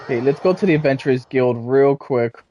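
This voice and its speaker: A young adult streamer in casual let's-play commentary, excitable and gushing, exclaiming over and over. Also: medium pitch, brisk, dull audio.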